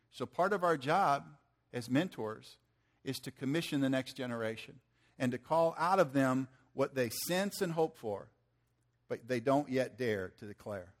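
A man's voice: mid-range voice, animated, a little slow. A man in his fifties preaching a sermon in a conversational way, asking the audience questions and acting out quotes in slangy lines. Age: 50s. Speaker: pastor.

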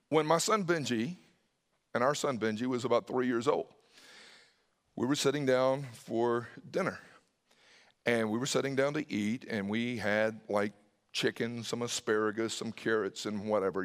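Middle-aged man, mid-range voice, preaching with lively storytelling and whispered asides; long hall reverb. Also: medium pitch. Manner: storytelling, acts out dialogue, drops to whispers. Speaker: pastor. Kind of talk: sermon.

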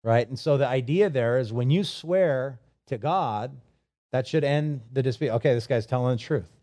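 Mellow-voiced man preaching conversationally. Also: medium pitch, moderate pace. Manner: conversational preaching with jokes and acted-out prayers. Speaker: pastor. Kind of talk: sermon.

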